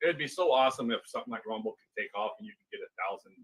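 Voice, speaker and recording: A man's voice: mid-range voice, rapid-fire, a bit bright, breathy edge, low-quality recording. A man on an online call telling rambling stories and laughing easily. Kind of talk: casual group chat on a live stream.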